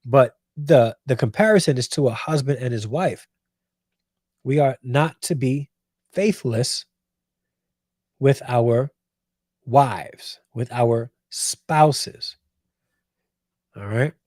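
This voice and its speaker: A man's voice: medium pitch, slow, long pauses, a little mellow, dry recording. A man hosting a show, giving emphatic Bible commentary and repeating phrases for weight. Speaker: host.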